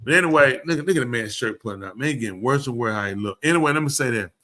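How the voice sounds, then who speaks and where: Bright-voiced man in casual chat. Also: medium pitch, fast. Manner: animated storyteller, acts out quotes. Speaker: host.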